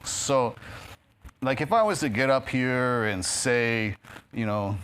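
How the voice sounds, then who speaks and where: A guest speaker from New York, with a New York accent and a medium-pitched, fairly bright voice that swings widely in pitch, talks at a moderate pace to a live audience. The setting is a spiritist center's meeting hall, with a handheld or stand mic; he's chatty, uses lots of fillers, and laughs at his own jokes.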